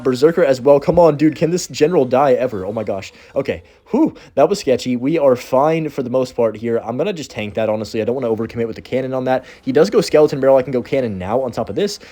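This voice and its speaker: Fast-talking man doing excited gameplay commentary. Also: medium pitch. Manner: excitable, talks fast and reacts loudly to the play. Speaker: gaming video creator.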